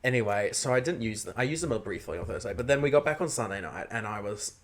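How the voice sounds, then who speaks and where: A young Australian man co-hosts a podcast, telling a gossipy story packed with camp slang in casual chat. His medium-pitched voice is animated, and he talks fast.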